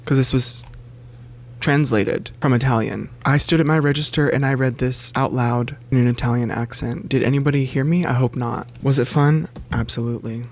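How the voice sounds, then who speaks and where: Guy doing a chill book vlog, chatty and swears a lot, voice jumps way up when he gets excited. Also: normal speed. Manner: chatty, animated, swears freely, jumps pitch for emphasis. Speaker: bookseller and book vlogger. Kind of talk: casual chat to camera.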